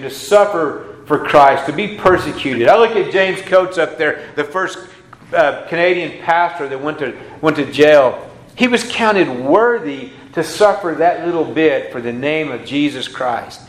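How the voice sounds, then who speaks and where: High-voiced man preaching in an echoey church. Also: animated, a little slow. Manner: swings from hushed to loud emphatic preaching. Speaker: pastor. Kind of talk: sermon.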